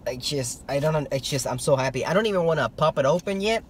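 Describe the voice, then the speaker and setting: A man vlogging casually, telling a story in an excitable, animated way, with some stammering. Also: fairly high pitch, quick pace, a little hiss or hum. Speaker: toy-hunting vlogger.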